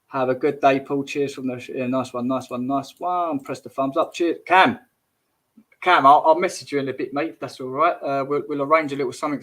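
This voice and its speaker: A man's voice: medium pitch, fairly bright tone. A man hosting a casual livestream, chatting and joking with viewers and calling them mate. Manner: chatty and jokey, says mate, laughs at chat comments. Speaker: YouTube livestream host. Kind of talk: casual live-stream chat.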